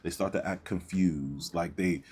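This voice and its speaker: Deep husky guy lecturing, casual commentary, keeps saying right. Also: unhurried, darkish tone. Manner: lecturing, preachy, repeats "right?". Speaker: commentator reacting to a debate clip.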